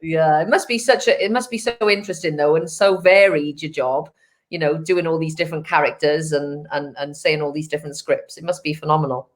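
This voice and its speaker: A woman's voice: deep voice, fairly even intonation, fairly quick. A woman interviewer asking eager questions, repeating words as she goes. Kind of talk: casual interview chat.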